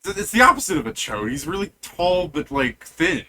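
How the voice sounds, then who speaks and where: Bright-voiced, animated game master. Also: male voice, fairly high pitch, a little fast, slight background noise. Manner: animated, repeats himself, laughs often. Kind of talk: narrating a tabletop game.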